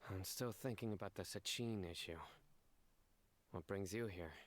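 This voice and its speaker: A man's voice: low-pitched, normal speed, slight background noise, lightly acted. A man voicing a stern, earnest young man who speaks bluntly in a game. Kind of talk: game cutscene voice acting.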